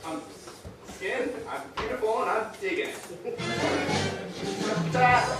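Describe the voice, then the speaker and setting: A man plays a proud, skinny husband who defends his wife in song. He sings at an unhurried pace. It is heard from far off in a very echoey hall, with music playing. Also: high-pitched. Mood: singing. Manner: singing comic song lines. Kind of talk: community theater musical comedy.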